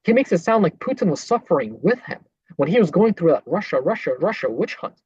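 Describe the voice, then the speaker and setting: A podcast host talks back at clips with indignant, sarcastic rebuttals. The voice sounds husky and the recording is dull, lo-fi and dry, with no room around it. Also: mid-range voice, sing-song, brisk, darkish tone, no echo. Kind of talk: political commentary over clips.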